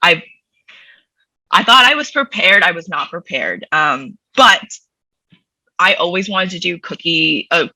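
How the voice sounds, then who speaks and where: A woman's voice: lowish voice, animated, a little slow, long pauses, sharp tone, no room sound, poor audio. A woman talking as a guest in a casual interview, chatty and self-deprecating, often laughing.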